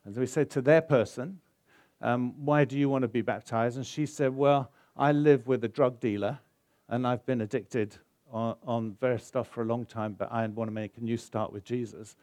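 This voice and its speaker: A man's voice: medium pitch, steady tone, normal speed, darkish tone, no echo. A man preaching a sermon, telling a story with feeling and building to an urgent call to faith before leading a prayer. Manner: storytelling, building to emotional exhortation. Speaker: pastor.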